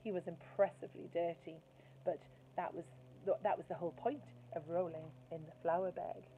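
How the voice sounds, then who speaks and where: Teacher lady reading a kids' book out loud, lively, tinny phone-y sound w faint hiss. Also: fairly low pitch, moderate pace. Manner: lively storytelling, asking listeners questions. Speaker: primary school teacher. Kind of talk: reading a children's book aloud.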